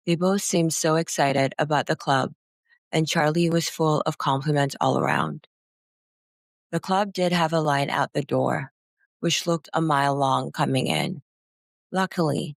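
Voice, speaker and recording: A woman narrating a first-person memoir in a slow, somber reading. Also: low voice, gravelly, no echo, clean studio sound.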